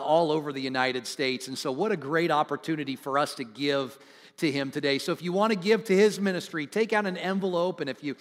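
A male pastor giving an earnest altar call, repeating his words and building in force as he urges the congregation. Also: a little high. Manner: earnest, repeats words, swells louder when urging. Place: church sanctuary. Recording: long reverb in a large hall.

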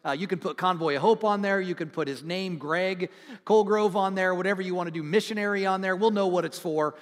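A man's voice: high-pitched, brisk. A male pastor giving an earnest altar call, repeating his words and building in force as he urges the congregation. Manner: earnest, repeats words, swells louder when urging. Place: church sanctuary. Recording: long reverb in a large hall.

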